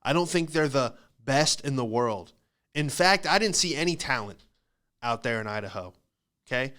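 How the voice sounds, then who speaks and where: A young man hosting a comedy podcast, telling a rambling, profane story and acting out the quick back-and-forth of what people said. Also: medium pitch, a bit bright, clean tone.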